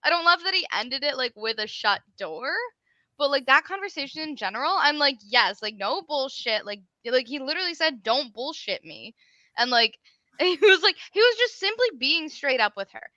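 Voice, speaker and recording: Bright, eager woman panelist. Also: high-pitched, a little fast, no room sound. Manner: enthusiastic, animated opinions. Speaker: guest panelist. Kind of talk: casual podcast chat. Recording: dull lo-fi audio.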